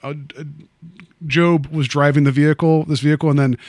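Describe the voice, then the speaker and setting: Chatty man, slightly higher voice, dry sound. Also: fairly even intonation, fairly quick, a little mellow, no echo. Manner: rambling, full of fillers and restarts. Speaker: podcast host. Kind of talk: casual chat.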